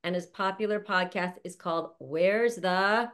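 A woman's voice: lowish voice, unhurried. Chatty woman hosting a video call. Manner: warm, chatty and affectionate, laughs often. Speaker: show host introducing a panel. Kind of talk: casual chat.

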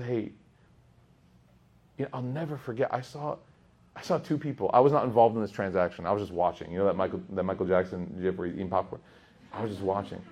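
Husky man teaching an animated class. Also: medium pitch, lo-fi sound. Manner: animated, shifts from loud emphatic to hushed. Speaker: Islamic teacher. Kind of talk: lively class talk with storytelling.

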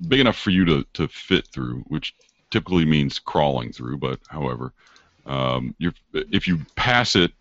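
A man with an extremely deep, gravelly voice runs a tabletop game over voice chat. He rambles through rulings with plenty of ums and restarts. The sound is dry and dull, like a lo-fi online call. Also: no room sound. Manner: rambling, explains rules with many fillers. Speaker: game master.

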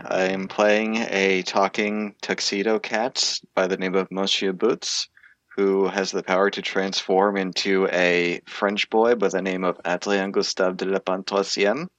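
A man with a fairly low voice describes his game character in a deadpan, matter-of-fact way. The sound is dry and close. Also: dry recording, low-quality recording. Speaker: player. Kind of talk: casual podcast banter.

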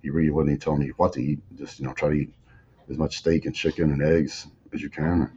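Forties male interview guest, very low voice, relaxed drawling storyteller, muffled slightly lo-fi audio. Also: fast. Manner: laid-back drawl, acts out dialogue. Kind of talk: casual storytelling. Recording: slightly muffled audio, faint background noise.

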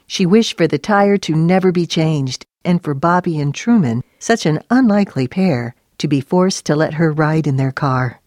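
Low-voiced woman narrating a story. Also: animated, normal speed, few pauses, darkish tone, no room sound, clean studio sound. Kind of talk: scripted narration.

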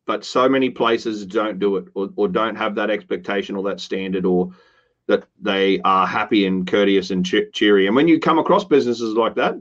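A man's voice: on the low side, normal speed, dull audio. A man co-hosting a casual business chat, talking earnestly and slipping into upbeat quoted lines. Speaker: podcast co-host.

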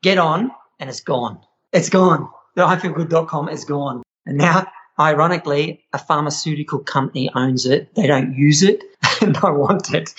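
Australian man, lively lo-fi storyteller. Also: on the high side, moderate pace. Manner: animated storyteller, laughs often. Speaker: guest, chef running an online membership. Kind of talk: casual interview chat.

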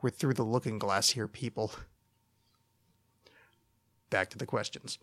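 A man hosts a solo comedic rant podcast, rambling through listener questions with profane, mock-outraged tirades. His pitch is fairly low and his tone steady and fairly bright, at a slightly slow pace, with no room sound.

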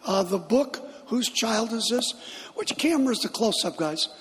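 A middle-aged man, a guest speaker, telling stories in a lively sermon and laughing as he goes. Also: sits high, moderate pace. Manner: animated, laughing as he tells it. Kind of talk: storytelling sermon. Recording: long hall reverb.

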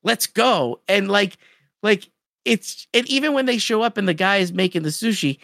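A podcast co-host in casual chat, recapping a story in an animated way with lots of "like". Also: mid-range voice, moderate pace, vocal fry, dry recording, clean studio sound.

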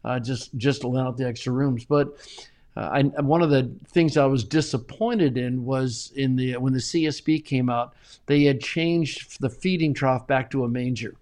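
A middle-aged man talking as a guest in a casual interview, animated and often chuckling, with frequent restarts. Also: medium pitch, normal speed. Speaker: Bible translator guest.

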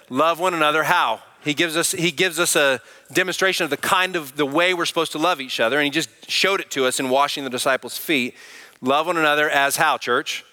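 A man's voice: medium pitch, pushed and bright, long reverb tail. A pastor preaching a sermon in an earnest, conversational way, putting direct questions to his congregation. He mentions that he can sound angry when he is not.

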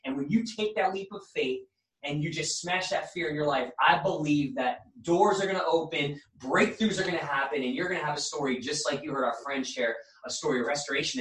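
A man hosting a podcast as a life coach, giving fervent, preachy motivational encouragement. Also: on the high side. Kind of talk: motivational speaking. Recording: echoey room, mic at a distance.

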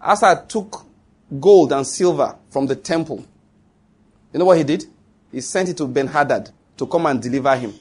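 A man's voice: fairly high pitch, darkish tone. A middle-aged Nigerian man, a pastor preaching a sermon with emphasis and quizzing his congregation. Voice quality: husky.

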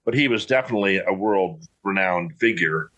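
A man's voice: deep voice, expressive, moderate pace, fairly bright tone. A middle-aged man talking in a casual, rambling, folksy way with frequent restarts. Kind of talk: casual chat.

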